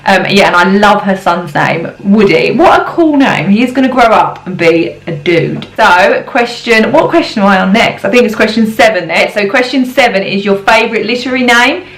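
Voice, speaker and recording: A woman's voice: medium pitch, animated, moderate pace, hardly any pauses. A young woman, a mother, chatting casually to camera with frequent ums and little giggles. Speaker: parenting vlogger. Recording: roomy echo.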